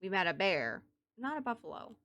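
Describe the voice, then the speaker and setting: Streaming a game, a Southern US woman chats casually with her viewers and thinks out loud as she plays. Her mid-range voice swings widely in pitch, sounding pushed and bright at a normal speed.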